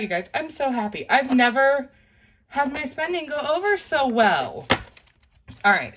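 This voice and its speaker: A woman vlogging casually to her viewers, counting bills out loud and chatting about her budget, often saying "you guys". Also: mid-range voice. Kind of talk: casual talk to camera while counting cash.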